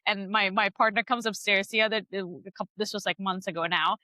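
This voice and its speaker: A woman hosts a podcast interview with a bright, forceful tone. She talks earnestly and effusively, often restarting sentences and breaking into laughter. The sound is close and dry. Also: medium pitch, steady tone, fairly quick, dry recording. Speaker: podcast host.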